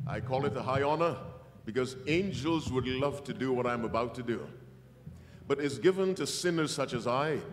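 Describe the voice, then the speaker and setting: Slow, emphatic male preacher in a hall. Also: medium pitch, slight background noise. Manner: slow, emphatic, calls for congregation responses. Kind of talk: revival sermon. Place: church hall.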